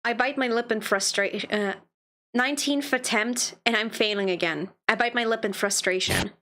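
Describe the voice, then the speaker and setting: A woman's voice: fairly high pitch, normal speed, sharp tone. A woman streaming a game, reading its dialogue aloud and reacting playfully between lines. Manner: playful, reads text then comments with laughs.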